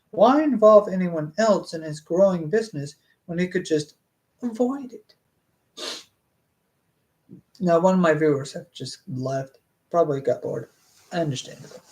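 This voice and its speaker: Slow, higher-voiced man reading aloud. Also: darkish tone. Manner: stumbles over words and laughs at his own jokes. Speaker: book reader and streamer. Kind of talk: reading a novel aloud live, with chatty asides.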